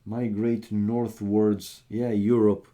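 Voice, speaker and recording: A young man from Romania talks slowly in a warm, fairly low, flat voice as he casts a strategy game live. Chatting casually with his viewers, he keeps calling them "man."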